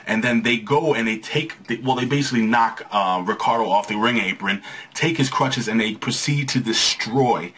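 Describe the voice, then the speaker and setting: Husky-voiced man recapping wrestling. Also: medium pitch, moderate pace, fairly bright tone. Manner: rambling, lots of restarts and fillers. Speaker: wrestling show recap host. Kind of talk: casual recap commentary.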